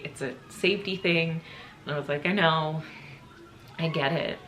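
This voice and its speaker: A young woman shares a personal storytime with her channel in a low-pitched but fairly bright voice, at normal speed with frequent pauses. She's emotional, choking up and laughing through tears, and a little hiss or hum sits in the audio.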